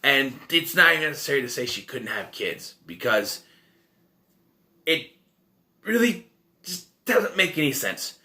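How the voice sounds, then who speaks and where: Medium in pitch with big swings, this man speaks unhurriedly and leaves long pauses, his tone sharp. He's a film reviewer giving a loose spoken review, wandering through the plot, fixing his own slips, and adding dry remarks.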